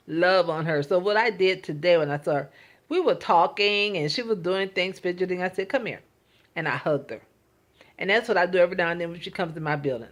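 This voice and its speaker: Earnest woman musing aloud, emotional. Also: on the low side. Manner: earnest and emotional, repeats words and restarts. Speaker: vlogger. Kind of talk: casual reflective monologue.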